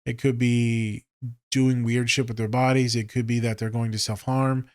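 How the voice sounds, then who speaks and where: A man with a mid-pitched voice hosts a casual podcast as a therapist. He tells stories loosely and profanely, dropping low for asides and jumping high when he exclaims. The sound is dry, with no room echo. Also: normal speed, clear, resonant tone. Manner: profane, joking, with frequent swearing; animated, jumps between low mutters and high exclaims.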